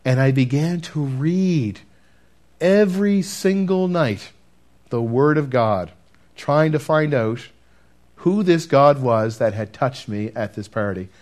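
A man preaching a sermon and telling his testimony earnestly, talking straight to the congregation and dropping to a hush at key moments. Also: mid-range voice, animated, takes it slowly. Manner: earnest, addresses listeners directly, swings from loud to hushed.

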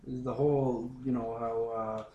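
A congregation member asking halting, curious questions during a sermon. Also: male voice, mid-range voice, level tone, muffled recording. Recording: echoey room, faint noise.

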